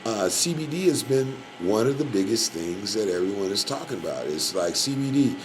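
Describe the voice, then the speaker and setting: Male live radio host, lower voice, loose and filler-heavy, slight noise. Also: lively intonation, normal speed. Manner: rambling, filler-heavy, shout-outs. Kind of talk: casual live radio talk.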